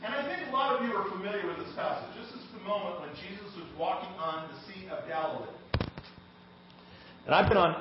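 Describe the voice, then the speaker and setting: A male pastor preaching a sermon, reading scripture aloud in an animated way to a congregation. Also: on the high side, background noise. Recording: echoey, slightly dull church recording.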